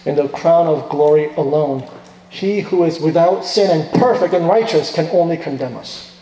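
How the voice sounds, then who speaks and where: Impassioned preacher in an echoey hall. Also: male voice, fairly high pitch, normal speed. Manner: impassioned, swings from hushed to loud. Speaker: pastor. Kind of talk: sermon. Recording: echoey hall with long reverb.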